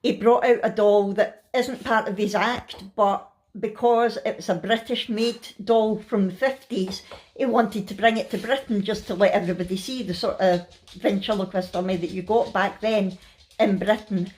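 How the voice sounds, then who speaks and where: A woman's voice: medium pitch, moderate pace. A worn-out Scottish woman talks casually to her camera while lying in bed at home. Her voice sits in a middle range, and her chat runs easy and friendly, broken often by laughter. She is a middle-aged family vlogger catching up with her viewers. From Scotland. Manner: chatty, laughs often, tired and relaxed. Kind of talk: casual chatty vlog.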